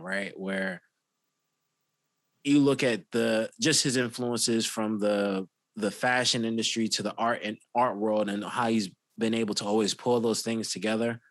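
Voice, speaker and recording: A man's voice: on the low side, no room sound. A man co-hosting a podcast, telling a long casual story full of "like" and restarts. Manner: rambling, filler-heavy with "like" and restarts. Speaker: podcast co-host.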